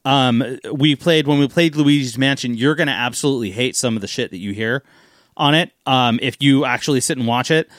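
A man's voice: medium pitch, a little fast, a bit bright, no echo, studio quality. A man co-hosting a casual podcast, chatty and a bit foul-mouthed. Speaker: podcast co-host. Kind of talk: casual chat.

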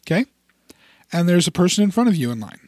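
A fairly high-pitched man talks through an idea in a relaxed podcast chat. He restarts his phrases, repeats words and builds everyday scenarios to make his point. The sound is dry and close, with no room around it. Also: fast talker, dry recording. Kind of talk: casual explanatory chat.

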